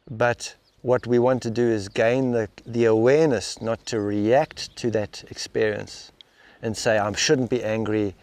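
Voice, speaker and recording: A man with an ordinary, middle-range voice talks reflectively about inner experience. His delivery is halting and unpolished. He often doubles back to restart a phrase or repeat a word before he goes on. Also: medium pitch, darkish tone. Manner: thoughtful, halting, with frequent restarts and repeated words. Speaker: spiritual teacher interviewed as guest. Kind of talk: reflective interview talk. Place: outdoors in the rain.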